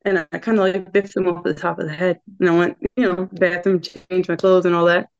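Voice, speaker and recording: With a fairly low voice and a slightly fast pace, a woman appearing as a podcast guest shares a story in relaxed conversation. She has a regional American accent, laughs a lot, and acts out quotes in animated voices, all on dull lo-fi audio.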